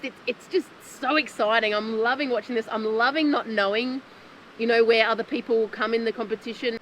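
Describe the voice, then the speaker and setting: A woman's voice: on the high side, fairly quick, fairly bright tone, low-quality recording. A woman talks through a recap in a chatty, heartfelt way, breaking into small laughs. She sounds like she is outdoors in nature, with faint noise behind her. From Australia. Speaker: former contestant recapping the show. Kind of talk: casual reflective recap.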